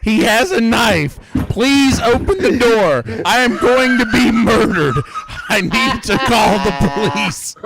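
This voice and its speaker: Brief: panicked stranger at the door, shrieking high, frantic pleading. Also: male voice, animated, slow pace, creaky, few pauses, background noise, full character voice.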